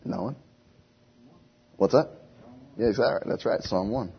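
Deep husky man teaching Bible class. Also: measured pace. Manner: conversational, asks the class questions. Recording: dull lo-fi recording.

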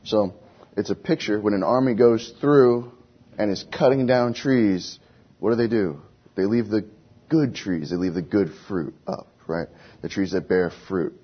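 A man with a fairly low, breathy voice and a measured pace gives a casual Bible lesson as the teacher, regularly turning questions to the class in a conversational way. The recording is dull and lo-fi.

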